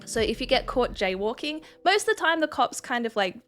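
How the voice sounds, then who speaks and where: A woman's voice: fairly high pitch, sing-song, brisk, a bit bright, soft background music. A young woman co-hosting a podcast, chatting casually and rambling through stories with lots of fillers. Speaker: podcast co-host. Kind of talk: casual chat.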